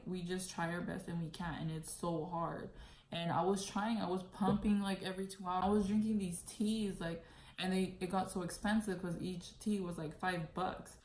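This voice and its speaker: Young woman, plain low voice, candid vlog, roomy sound. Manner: candid, heavy use of "like". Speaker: vlogger. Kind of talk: personal story vlog. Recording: echoey room, faint noise.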